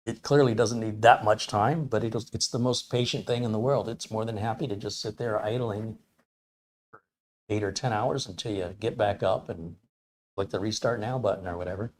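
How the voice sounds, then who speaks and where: A man with a fairly low, steady voice runs a casual tech livestream at normal speed, chatting easily with viewers and reading out their comments. He rambles loosely and often thinks out loud.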